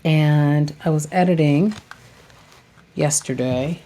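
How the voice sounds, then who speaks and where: Slow, low-voiced chatty woman. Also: mellow, a little hiss or hum. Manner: chatty, rambling, says "like" often. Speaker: tarot reader and vlogger. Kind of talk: casual chat.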